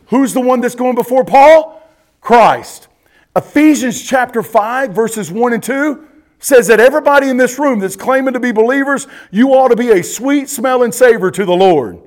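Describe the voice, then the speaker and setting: A man's voice: very high-pitched, moderate pace. A man, a pastor teaching through a Bible book and asking the listeners questions. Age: 40s. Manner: animated, asks the listeners questions and repeats "you ready?". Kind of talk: expository Bible teaching sermon.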